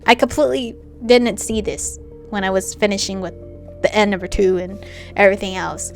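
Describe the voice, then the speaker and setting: A young woman reading a visual novel aloud and reacting with loud, animated outbursts between the narration. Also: mid-range voice, moderate pace, gravelly. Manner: expressive, jumps to loud excited reactions. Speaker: gamer. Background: faint game music.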